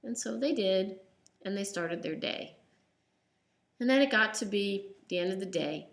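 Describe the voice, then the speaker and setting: A woman's voice: medium pitch, animated, unhurried. A woman telling a children's story aloud in a casual, unscripted way, with ums and restarts.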